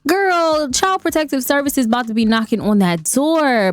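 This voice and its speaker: A young woman hosting a casual gaming video, chatty and animated, laughing often and talking to her viewers. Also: high-pitched, normal speed, hardly any pauses, clean tone, no room sound, faint music behind. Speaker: gaming channel host. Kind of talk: casual game commentary.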